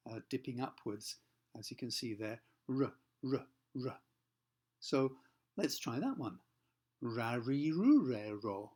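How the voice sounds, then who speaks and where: A man teaching pronunciation, explaining patiently, slowing down to demonstrate sounds and often checking in with the listener. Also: medium pitch, darkish tone. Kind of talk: explanatory lesson for learners.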